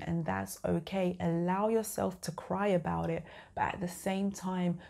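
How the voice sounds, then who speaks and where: A young woman giving encouraging self-care advice straight to her viewers in a soft, coaching way. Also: lowish voice, vocal fry. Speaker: self-improvement vlogger. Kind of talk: encouraging advice talk to camera.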